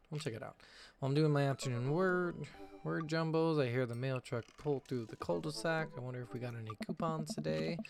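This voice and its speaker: A man's voice: on the high side, gravelly, slight background noise. A young man hosting a let's play, chatting casually, joking and swearing, and reading the game's dialogue aloud. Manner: casual, joking, swears, reads lines in a put-on dad voice. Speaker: gaming channel host. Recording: faint game music behind.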